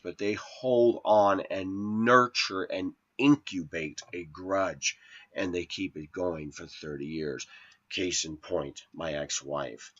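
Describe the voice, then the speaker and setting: A man's voice: sits low, fairly bright tone, muffled recording. A man in his forties telling a rambling personal story in an indignant, preachy way to his viewers. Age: 40s. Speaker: vlogger.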